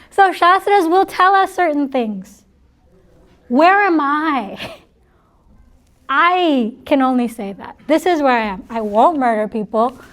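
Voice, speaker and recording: A middle-aged woman speaks to a gathered audience in a high voice. She is chatty and playful, and she laughs easily while she teaches. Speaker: spiritual talk speaker. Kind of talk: informal spiritual talk to an audience.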